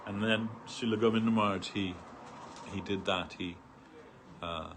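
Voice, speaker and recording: A man's voice: lowish voice, steady tone, moderate pace, noisy background. A man speaking at a devotional gathering, telling a long anecdote through many quotes, with frequent fillers and restarts. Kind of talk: storytelling talk.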